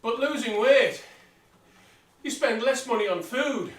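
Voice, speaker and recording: Man, high voice, a bit winded mid-workout, blunt vlog talk, roomy room heard from afar. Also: measured pace. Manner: blunt, plain-spoken, talks while pedalling an exercise bike. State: slightly out of breath. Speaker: vlogger. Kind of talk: casual motivational talk. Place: indoor room with exercise bike. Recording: roomy sound from a distant mic.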